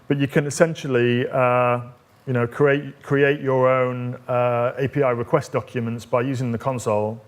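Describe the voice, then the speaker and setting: A man's voice: mid-range voice, level tone, normal speed. Man walking through a live tech demo. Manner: conversational, explaining step by step with frequent fillers. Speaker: technical evangelist presenting a demo. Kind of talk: live coding demo presentation.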